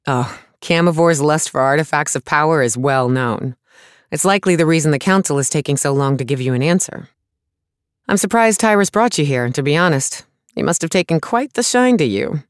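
A man's voice: a little high, animated, fairly quick, clean tone, no echo, clean studio sound, voice pushed up, close to an everyday voice. A male narrator voicing a small, brusque, sarcastic woman artificer who talks bluntly and impatiently. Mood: wry.

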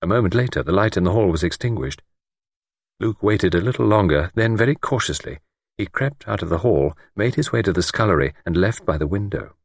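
Husky male narrator, low voice. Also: animated, brisk, no echo, studio quality. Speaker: audiobook narrator. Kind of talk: scripted narration.

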